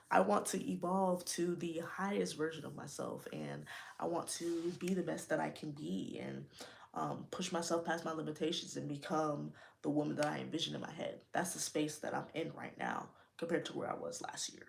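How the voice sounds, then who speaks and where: Young woman, podcast host, low gravelly voice, frank slangy chat. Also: brisk. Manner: candid, slangy, talks straight to listeners. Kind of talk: casual personal talk.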